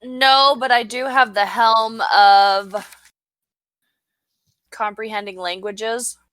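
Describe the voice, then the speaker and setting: Female player, easygoing, slightly higher voice, close dry mic. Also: fairly even intonation, slow pace, a bit bright, no room sound, low-quality recording. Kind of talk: tabletop role-play banter.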